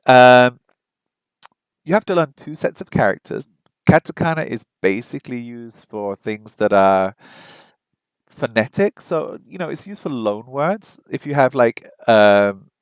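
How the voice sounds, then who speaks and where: A man's voice: medium pitch, no room sound, rough recording. Chatty man rambling on a live stream. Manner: rambling, chatty with viewers, frequent ums and restarts. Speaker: live-stream host learning a language. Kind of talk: casual live-stream chat.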